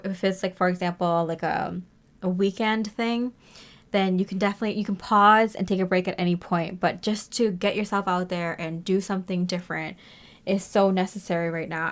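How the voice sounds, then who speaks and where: A woman's voice: lowish voice, fairly bright tone. A woman giving a casual tarot reading to her viewers, chatty and rambling, with many fillers and frequent laughs. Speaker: tarot reader.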